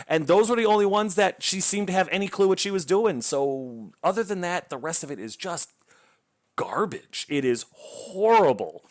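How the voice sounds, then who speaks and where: A man giving a casual book review rant, blunt and sarcastic, swearing freely in exasperation. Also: mid-range voice.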